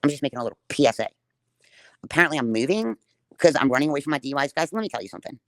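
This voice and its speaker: A woman's voice: low-pitched, big pitch swings, racing, no echo. A woman livestreaming a defiant, profane rant straight at her viewers.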